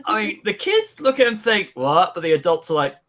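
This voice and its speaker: A man hosting a live-stream chat, musing slowly with many fillers. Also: high-pitched, very animated, fairly bright tone. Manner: slow, musing, trails off with fillers. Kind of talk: casual chat.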